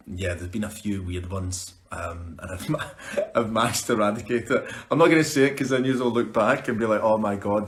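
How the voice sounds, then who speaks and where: A young Scottish man, an actor, chatting upbeat on a live stream as he answers viewer questions. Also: fairly low pitch. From Scotland. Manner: chatty, upbeat, restarts words. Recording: roomy echo.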